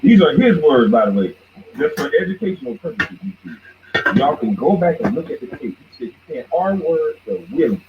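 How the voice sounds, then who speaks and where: A man rants on his podcast in a fairly high voice, heated and mocking, lurching between loud jabs and low grumbles. The recording is dull and lo-fi, with a faint hiss underneath. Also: sing-song, fairly quick. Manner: heated, mocking, swings between shouts and mutters. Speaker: podcast host. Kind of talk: profane ranting commentary.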